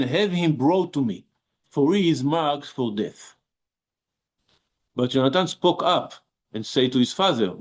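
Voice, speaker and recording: Brief: male rabbi, mid-pitched, informal class, hesitant explaining style. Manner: halting, with many restarts and fillers, reads verses aloud. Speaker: rabbi teaching a Bible class. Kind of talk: informal Bible lesson.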